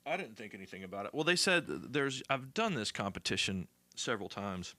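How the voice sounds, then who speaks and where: A man's voice: on the low side, big pitch swings, brisk, bright, forceful tone, dry recording. A man who is a guest musician, talking in a casual podcast conversation and telling stories in a reflective way. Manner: reflective, storytelling.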